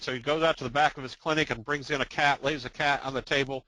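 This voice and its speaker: A man's voice: medium pitch, fairly even intonation, fast, hardly any pauses, sharp tone, no echo, low-quality recording. An older man giving a trading webinar talk in a folksy way, with many fillers and a joke told in plain voices. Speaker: trading presenter. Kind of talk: webinar presentation.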